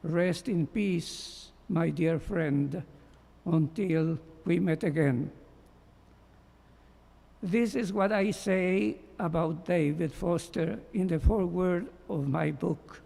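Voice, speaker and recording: A man giving a measured, heartfelt memorial tribute as a former doctoral student, reading prepared remarks. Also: fairly high pitch, gravelly, warm tone. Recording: long hall reverb.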